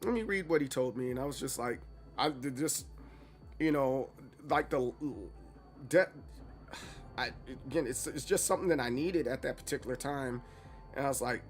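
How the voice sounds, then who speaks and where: A man in his thirties chatting casually on a gaming livestream, animated and playfully dramatic. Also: medium pitch, moderate pace, faint music behind. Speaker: streamer.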